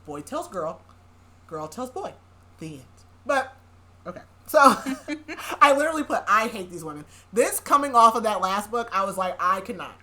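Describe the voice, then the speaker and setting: A woman's voice: medium pitch, sing-song, moderate pace, pushed and bright. A young woman hosting a podcast, recapping a novel in a chatty way, with sarcastic asides and frequent laughs. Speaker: podcast host. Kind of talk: casual book recap.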